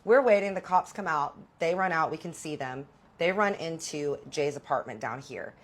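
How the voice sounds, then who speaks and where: A woman in her thirties with a low-pitched voice speaks at normal speed, telling a dramatic personal story in casual storytime style. She's animated and uses plenty of fillers.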